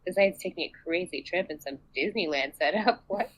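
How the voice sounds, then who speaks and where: A woman's voice: lowish voice, brisk, poor audio. Giggly woman reading a story aloud. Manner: playful, giggly narration. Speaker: podcast host and reader. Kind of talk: casual chat and storybook reading.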